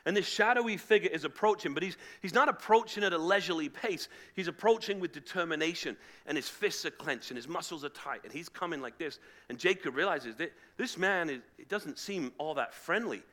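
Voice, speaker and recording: A man preaching to a live congregation, retelling a story in a casual, animated way and acting out the voices of its characters. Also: on the high side, a little fast, hardly any pauses. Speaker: pastor. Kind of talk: sermon storytelling. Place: church hall with live audience, also streamed online.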